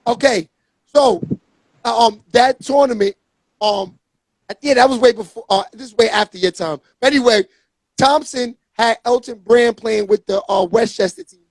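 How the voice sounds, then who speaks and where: Animated New host, dry mic. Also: male voice, extremely high pitch, normal speed, gravelly, no room sound. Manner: animated storyteller, shouts out guests. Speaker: podcast host. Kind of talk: casual chat.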